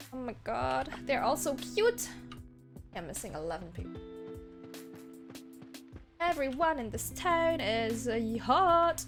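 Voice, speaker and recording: A young woman streaming a game, chatting casually and excitedly with her viewers. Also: high voice, takes it slowly, pauses often, over music. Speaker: variety streamer. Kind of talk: casual live-stream chat while gaming.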